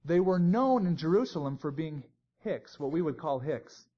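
A man's voice: on the high side, animated, normal speed, slightly rough. A man teaching a Bible sermon in a conversational way, with joking asides. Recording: dull lo-fi recording.

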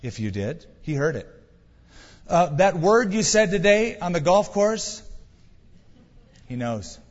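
This middle-aged pastor has a high voice that swings widely in pitch, and he takes his time, preaching in a chatty style with dry wit. His words come through dull and wrapped in long hall reverb.

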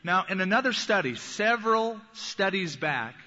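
A man preaching a teaching sermon in an earnest tone, slowing down for scripture quotes. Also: sits high, lively intonation, pushed and bright, in a large hall, highs cut off. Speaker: pastor.

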